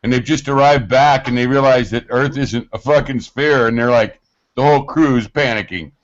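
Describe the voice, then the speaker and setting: A man with a mid-range voice rambles through jokey banter in a relaxed chat. The sound is muffled and lo-fi, like an online call. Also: mid-range voice, normal speed. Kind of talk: casual chat.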